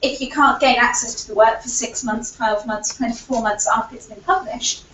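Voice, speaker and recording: A woman's voice: a little high, steady tone, normal speed, fairly bright tone, a little hiss or hum. A woman giving an earnest conference presentation, arguing her points with frequent fillers, her voice still recovering. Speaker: conference speaker. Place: lecture hall. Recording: echoey hall, distant, dull lo-fi audio.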